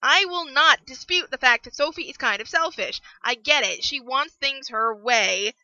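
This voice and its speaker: A young woman giving a ranting book review, animated and prone to bursts of yelling. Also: high voice, moderate pace, no room sound, muffled recording.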